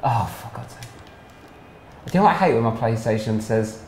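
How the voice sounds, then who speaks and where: Fast-talking teasing Englishman. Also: medium pitch. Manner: teasing, jokey, lively. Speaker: comedian and channel host. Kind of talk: casual banter while gaming. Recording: roomy echo with faint room noise.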